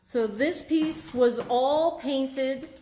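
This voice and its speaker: A woman's voice: high-pitched, extremely slow, mellow, soft background music. A woman co-hosting a live-stream gallery tour, chatty and reading out viewers' comments. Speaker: gallery co-host. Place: art gallery indoors. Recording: echoey room with noticeable background noise.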